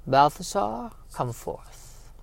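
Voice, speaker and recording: A man voicing a sinister ruler who gives orders in a hushed, breathy whisper, as a whispered role-play. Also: fairly high pitch, very animated, slow pace, full character voice. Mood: menacing.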